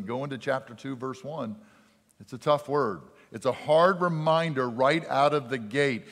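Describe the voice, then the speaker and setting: A male pastor preaching a sermon earnestly, swinging from forceful emphasis to hushed, quiet lines. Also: mid-range voice. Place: church sanctuary. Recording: church hall reverb.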